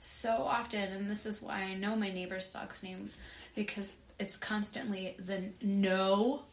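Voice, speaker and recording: A woman guest on a podcast, speaking earnestly and warmly with lively emphasis about well-being. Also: mid-range voice, normal speed, a little hiss or hum. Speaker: wellness guest. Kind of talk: casual interview chat. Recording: roomy echo.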